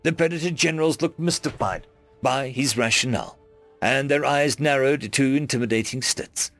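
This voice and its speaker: A man reading a first-person science fiction story aloud in an earnest, expressive storytelling manner. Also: mid-range voice, normal speed, faint music behind. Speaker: narrator. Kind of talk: first-person audiobook narration.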